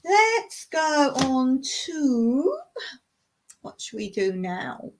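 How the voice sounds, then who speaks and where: A woman's voice: sits high, big pitch swings, extremely slow, slight background noise. A woman hosting a casual home livestream, chatting and patiently explaining things while repeating words. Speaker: livestream host. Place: home in rural Cyprus.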